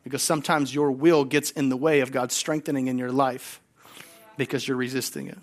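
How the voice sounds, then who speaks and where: A man's voice: mid-range voice, fairly even intonation, fairly quick. A man preaching a sermon as a guest pastor. He speaks emphatically, repeats key lines and has the congregation say phrases back to him.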